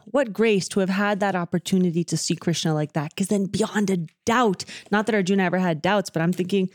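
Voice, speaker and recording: A woman in casual discussion of scripture, speaking in a reflective, drawn-out way. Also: mid-range voice, dry recording, studio quality.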